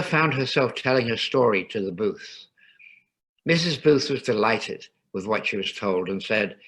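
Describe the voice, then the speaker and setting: A man reading a ghost story aloud in a calm, measured narration. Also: fairly low pitch, rough recording.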